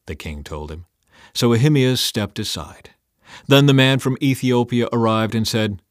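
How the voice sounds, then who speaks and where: A man reading scripture aloud in a measured, steady scripted narration. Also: mid-range voice, no echo, clean studio sound. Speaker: scripture reader.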